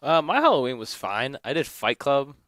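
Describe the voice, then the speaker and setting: A man's voice: medium pitch, very animated, normal speed, a bit bright, dry recording. A man in his twenties from Illinois, co-hosting a casual morning radio chat from a studio, rambling with many fillers. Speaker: radio co-host. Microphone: studio microphone.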